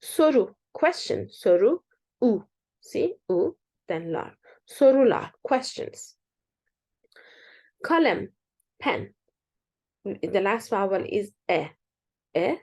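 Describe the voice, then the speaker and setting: A woman gives an online language lesson. Her delivery is slow and unhurried, and her pitch swings widely as she stresses each example word. She pauses on fillers and corrects herself as she explains. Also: darkish tone, slightly rough. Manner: slow, explanatory, repeats example words with emphasis; many fillers and self-corrections. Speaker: Turkish teacher.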